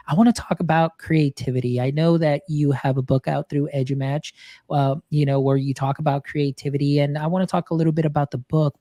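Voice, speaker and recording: Male podcast host, warm low tone, dry mic, chatty meandering questions. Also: no echo. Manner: rambling questions with many fillers. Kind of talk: casual interview.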